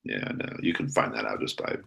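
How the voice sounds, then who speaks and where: A man's voice: a bass voice, sing-song, brisk, vocal fry, pushed and bright. A man narrating a tabletop game as game master in a casual, dry way.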